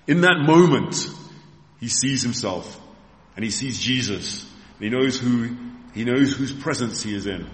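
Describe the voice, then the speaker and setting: In a church hall, a man preaches to his congregation, turning scripture scenes into vivid stories and addressing his listeners directly. His mid-range voice moves at a moderate pace, and the recording has echoey hall reverb.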